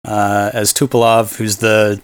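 A man's voice: on the low side, level tone, unhurried, clean tone, dry recording. A man co-hosting a podcast, chatting casually and enthusiastically about a film, rambling with fillers. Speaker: podcast co-host. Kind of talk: casual movie discussion.

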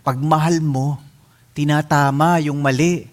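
A middle-aged Filipino-accented man preaching with a fairly high, lively voice. He moves between Tagalog and English as he talks and plays out little scenes with sound effects and voices. He delivers it all in an energetic sermon style. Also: unhurried. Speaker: pastor.

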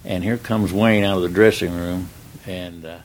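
A man's voice: sits low, steady tone, normal speed, a little hiss or hum, low-quality recording. An older man, a stuntman, telling rambling folksy stories in a casual interview, with plenty of "uh"s. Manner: folksy, rambling anecdotes with frequent "uh" and acted-out dialogue.

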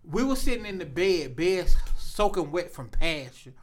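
A man telling loud, profane party stories in a casual group chat, often laughing. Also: sits high, very animated, moderate pace.

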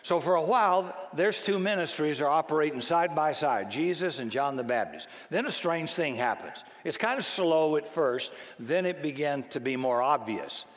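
An older male pastor talks through his sermon in a chatty, self-mocking way. He acts out the voices in his stories with his fairly high voice. The long reverb of a large hall trails after every word. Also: lively intonation, normal speed, few pauses.

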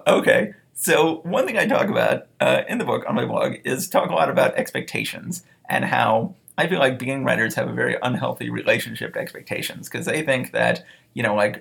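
A man's voice: medium pitch, creaky, fairly bright tone, husky. An American man co-hosting a writing podcast, talking in a casual, self-deprecating way with frequent laughs. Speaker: podcast co-host, author.

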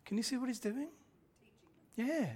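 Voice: medium pitch, unhurried, darkish tone, slightly rough. Pastor, chatty sermon style, fires rhetorical questions, chuckles through lines. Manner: conversational, quizzes the congregation, frequent rhetorical questions; chuckles often mid-sentence. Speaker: preacher.

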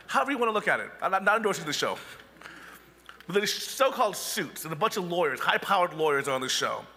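Man, pastor, sermon, bright tense tone, chatty asides. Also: high-pitched, very animated, fast, in a large hall. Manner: conversational preaching with wry asides.

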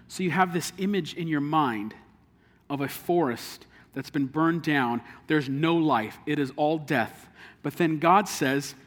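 A man's voice: a little high, measured pace, big-room sound. A man preaching a sermon in an earnest, conversational way, drawing on everyday illustrations. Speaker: pastor.

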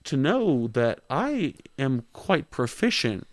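A young man hosting a crude comedy podcast, talking deadpan and mock-serious into a close mic. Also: medium pitch, takes it slowly, no echo. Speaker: podcast host.

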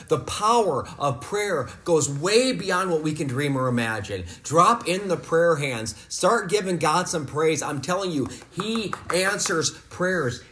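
A man preaching with loud, impassioned, drawn-out exhortation. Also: high voice, noisy background. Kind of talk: fervent preaching.

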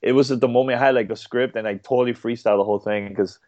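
A man talking as a podcast guest in a casual interview, halting and full of fillers and repeated words. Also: medium pitch, steady tone, darkish tone, dry recording. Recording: dull dry podcast audio.

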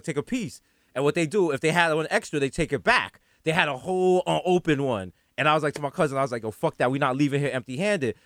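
High-voiced fast New York guy. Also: dry recording, studio quality. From the Bronx, New York. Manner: animated storytelling, swearing, slang. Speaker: podcast co-host. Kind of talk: casual comedic chat.

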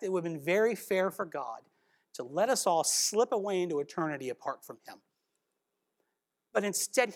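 A woman giving an earnest devotional Bible teaching, exhorting and questioning her listeners. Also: mid-range voice.

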